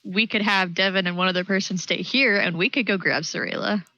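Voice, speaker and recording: A woman playing a tabletop game, chatting quickly and decisively. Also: medium pitch, fairly even intonation, sharp tone, no room sound, dull audio. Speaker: player. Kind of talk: casual tabletop game chat.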